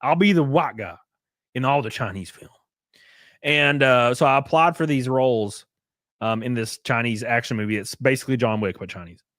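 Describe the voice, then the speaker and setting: A man's voice: mid-range voice, normal speed, a bit bright, no room sound, studio quality. A man hosting a casual commentary stream, ranting sarcastically and swearing freely. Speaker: streamer host.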